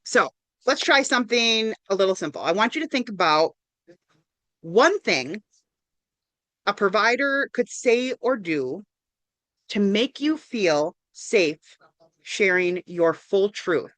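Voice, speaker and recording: A woman's voice: mid-range voice, lively intonation, slow, long pauses, a bit bright, no echo. A woman counselor giving an interactive online workshop, upbeat and encouraging, often checking in with "right?". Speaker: counselor and presenter. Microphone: video call.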